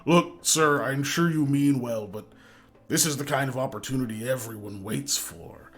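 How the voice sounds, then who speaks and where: A man voicing a polite, bespectacled male Avar trader who argues in a calm, measured way. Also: mid-range voice, natural voice. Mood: calm persuading.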